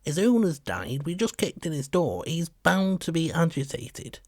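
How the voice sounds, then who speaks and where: A calm, firm policewoman , voiced by a man, with a lifted, even tone. She reassures without hurry. Close, dry sound. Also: on the high side, a little slow, no room sound, pitched above the performer's own voice, exaggerated voice. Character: calm, steady female police officer.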